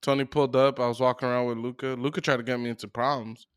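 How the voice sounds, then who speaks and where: A man's voice: medium pitch, little pitch movement, very fast, smooth, no room sound, clean studio sound. A man co-hosting a podcast, telling stories in a laid-back, profane casual chat. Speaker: podcast co-host.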